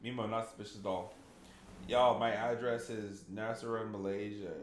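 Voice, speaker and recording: A man's voice: fairly low pitch, level tone, moderate pace, a little hiss or hum. Chatty male game streamer, echoey room. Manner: chatty, reacts to chat with laughs. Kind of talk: casual game stream chat.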